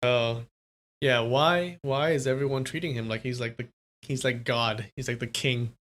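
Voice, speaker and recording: A streamer reads a translated wuxia novel aloud on a live stream, moving into loose, playful chat with viewers between passages. The delivery is casual and unpolished, with a mid-range pitch. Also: fairly even intonation, moderate pace, fairly bright tone. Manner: casual, playful, chatty asides.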